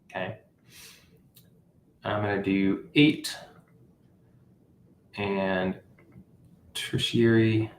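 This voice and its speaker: A man's voice: on the low side, gravelly, echoey room, a little hiss or hum. A man hosting a live app-building stream, thinking aloud with fillers and self-corrections as he works. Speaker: livestream host building an app. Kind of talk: casual live coding walkthrough.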